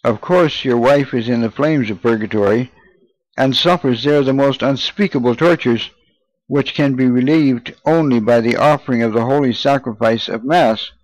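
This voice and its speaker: A man's voice: mid-range voice, normal speed, no room sound, muffled recording, lightly acted. Brief: male narrator doing an older priest, curt and unfeeling, dry close sound. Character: hard-hearted older male parish priest.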